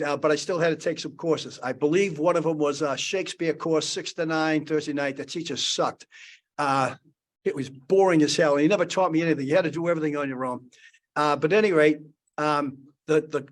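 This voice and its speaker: A man, telling a rambling anecdote as a panelist. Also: a little high. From Boston area. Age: 70s. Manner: rambling anecdotal talk with many restarts. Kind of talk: storytelling on a panel. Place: conference panel.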